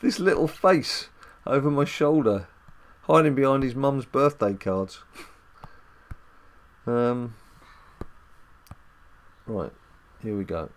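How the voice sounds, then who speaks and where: A man's voice: mid-range voice, animated, slow pace, pauses often. A man hosting a casual mobile game let's-play at home, chatty and rambling with jokes and filler ums. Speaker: dad gaming channel host.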